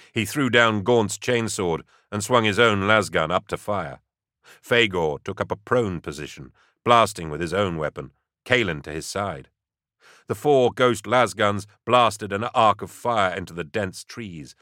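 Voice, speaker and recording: A man narrating an audiobook in steady, even storytelling. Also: deep voice, no room sound, clean studio sound.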